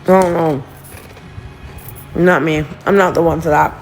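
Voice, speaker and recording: Giggly gossiping woman with a gravelly edge. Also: sits low, fairly even intonation, measured pace, faint music behind. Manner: chatty, giggly, gossipy, rambling with restarts. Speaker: livestream host. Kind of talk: casual livestream chat to viewers. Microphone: phone.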